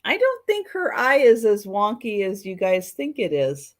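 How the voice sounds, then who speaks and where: A woman hosting a live online sale of old photos, talking in an unhurried, gentle and kind way. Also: mid-range voice, wildly swooping pitch. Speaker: host and seller of old photos.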